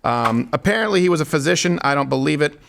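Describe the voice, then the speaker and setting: Gravelly joking male talk show host. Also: on the high side, animated, fast talker, a bit bright, slight background noise. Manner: joking, rambling, laughs at his own stories. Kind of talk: comedic political talk show.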